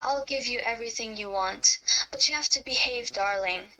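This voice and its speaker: Romance role-play read: woman as a commanding young lover, bright and high-pitched, soft teasing murmur. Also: normal speed, low-quality recording. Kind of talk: first-person romance role-play reading.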